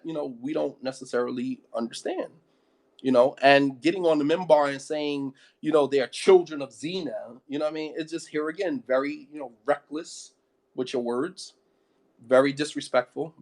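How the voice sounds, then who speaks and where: A man's voice: a little high, darkish tone. A man giving an impassioned sermon, firing off rhetorical questions and repeating phrases for emphasis. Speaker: preacher.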